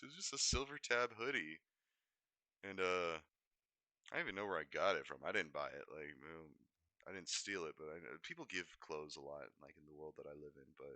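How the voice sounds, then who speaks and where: Rambling young man with a bright, dry voice. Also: sits low, no room sound. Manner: rambling, animated, many fillers and restarts. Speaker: streamer. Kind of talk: rambling casual chat.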